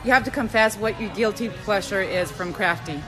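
A woman's voice: medium pitch, fairly quick. A woman interviewing a guest at a party in a teasing, insistent way. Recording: noisy party with music and crowd.

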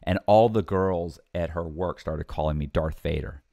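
A middle-aged man casually telling a story, chatty and animated, retelling conversations as dialogue. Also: deep voice, normal speed, creaky, dry recording, studio quality. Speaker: guest telling his own story.

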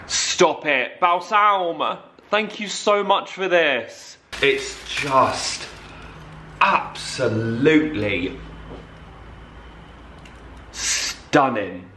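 A young man filming a casual vlog in his flat, gushing and excitable as he talks to viewers. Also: fairly high pitch, drawn-out words, far from the mic, a little hiss or hum. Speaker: vlogger. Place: flat, indoors. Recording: echoey room.

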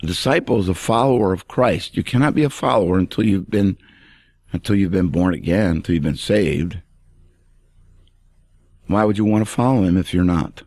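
A man's voice: deep voice, moderate pace, long pauses, darkish tone, no room sound. A male pastor preaching an emphatic radio sermon and speaking straight to the listener.

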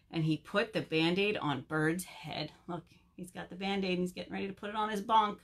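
A woman librarian leading a virtual story time, reading a picture book aloud and chatting to young children in an animated way. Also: on the low side. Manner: animated, slow, talks to children.

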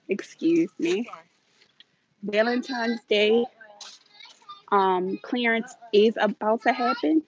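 Hurried woman streaming live from a store. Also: medium pitch, slight background noise. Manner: chatty, hurried, addresses viewers directly. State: slightly out of breath. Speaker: deal-hunting vlog host. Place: inside a large retail store. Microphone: handheld phone. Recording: dull phone audio.

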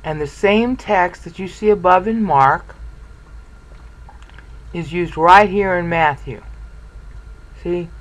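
A Bible study presenter giving an informal screen-share lecture, excitable and thinking aloud, with uneven loudness that sometimes trails off. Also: medium pitch, slow pace, pauses often, low-quality recording.

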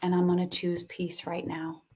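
A woman guiding a live tapping and meditation session, speaking slowly and soothingly and sighing between cues. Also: lowish voice, monotone, mellow.

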